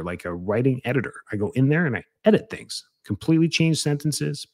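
A man's voice: medium pitch, darkish tone, no echo. A man hosting a podcast as a chiropractor, talking casually and energetically, rambling with restarts and fillers.

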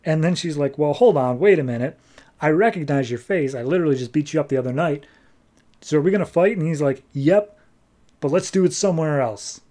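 A man hosting a podcast, casually recapping a comic book issue in an offhand, quick way and briefly acting out the characters' lines. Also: on the high side, mellow. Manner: quick, offhand retelling, dropping into brief quoted voices. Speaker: podcast host.

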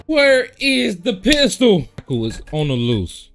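A young male gamer talks through a horror game on a desk mic, his voice leaping from low mutters to high panicked shouts. He drags his words out slowly and swears freely. Faint game music sits behind him. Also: huge pitch swings, gravelly. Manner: loud, yelling and swearing at the game. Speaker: gaming streamer. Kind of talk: gameplay commentary.

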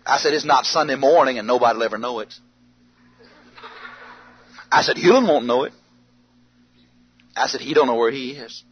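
A man preaching a storytelling sermon, animated, bursting into shouts and yells as he tells it. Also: medium pitch, moderate pace, pauses often, breathy edge. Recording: dull lo-fi archive sermon tape with faint hiss.

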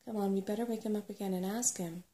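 A woman voicing a small, anxious, food-loving female brownie, her voice lifting high, in a whispered role-play. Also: steady tone, fast talker, dark tone, close to an everyday voice.

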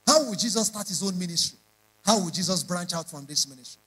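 A man's voice: high voice, a little fast, fairly bright tone, a little hiss or hum, poor audio. A man preaching a sermon, emphatic and repeating lines in rising prayer chants. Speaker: pastor.

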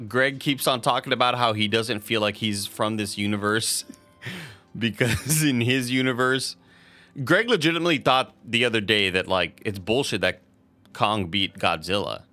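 A man's voice: lowish voice, moderate pace, sharp tone. A man streaming a video game, chatting casually to his viewers, swearing freely and laughing often. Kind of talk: casual gameplay commentary.

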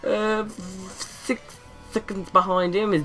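A bright, forceful young man from England chats away while playing a racing game, wandering from topic to topic and breaking into daft voices. Faint music sits behind him in his bedroom. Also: mid-range voice, animated, normal speed. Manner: rambling, jokey, slips into silly accents. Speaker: gaming YouTuber. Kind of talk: casual gameplay commentary. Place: bedroom with window open.

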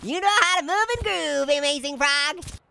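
Gravelly, pushed and bright, this man's exaggerated voice reaches an extremely high pitch at normal speed, with slight background noise. He's a gameplay commentator playing a cheeky, hyper talking orange who giggles, cracks jokes and laughs constantly in a goofy mood.

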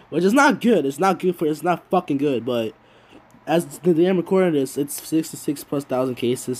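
A man's voice: fairly high pitch, a little mellow. A man giving rambling, profane casual commentary on a video. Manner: rambling, heavy swearing, trailing restarts. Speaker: YouTube commentator.

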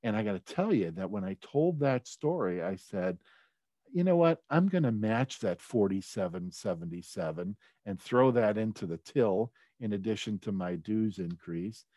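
A middle-aged man speaks in a low, mellow voice, recorded dry and close. He tells a personal story in a loose, conversational way, full of ums and restarts. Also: animated, moderate pace, hardly any pauses, no room sound. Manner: conversational, many fillers and restarts, gets choked up. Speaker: speaker at a leadership talk.

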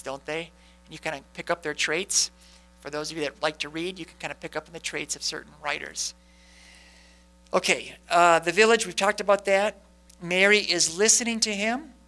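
Bright-voiced man teaching a Bible study. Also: on the high side, low-quality recording. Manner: conversational, asks the group questions and answers them, frequent "right?". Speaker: priest leading a parish Bible study.

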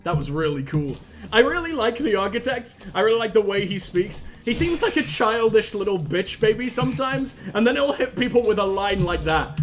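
High-voiced, foul-mouthed joking gamer man. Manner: profane, joking, rambling asides. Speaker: streamer. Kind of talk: live gameplay commentary. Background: faint game music.

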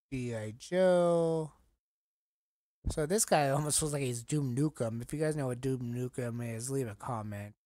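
A man in a casual collecting vlog, talking haltingly and getting choked up, rambling with many fillers. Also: medium pitch, darkish tone, no room sound, clean studio sound. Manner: halting, emotional, choked up at times. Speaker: collector vlogger.

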